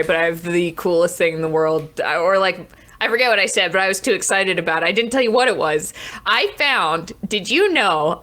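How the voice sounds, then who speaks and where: Bright, excitable young woman. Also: medium pitch. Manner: excitable, rambling, laughs easily. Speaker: podcast co-host. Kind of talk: casual chat.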